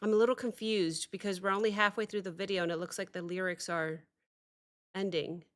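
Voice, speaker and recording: A woman hosting a music reaction video, talking casually and excitably, often apologizing and thinking out loud. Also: mid-range voice, fairly quick.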